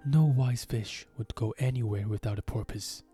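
A man's voice: mid-range voice, moderate pace, warm tone, slightly rough, faint music behind, close to an everyday voice. A man voicing a sulky, easily offended Mock Turtle creature in a storybook reading, insistent and touchy.

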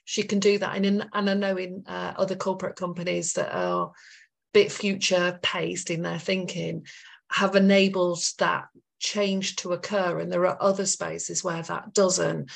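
Gravelly-voiced woman podcast host. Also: fairly low pitch. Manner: effusive, thanks guest with long lists of praise. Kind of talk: interview talk.

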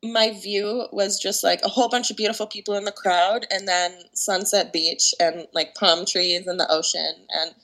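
A young woman with a morning voice, speaking at an average pitch. She talks casually as a podcast guest, her sentences loose with fillers and easy laughter. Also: fairly even intonation, normal speed, few pauses, fairly bright tone. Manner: chatty, laughs often, many fillers like "like" and "um". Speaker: guest singer-songwriter.

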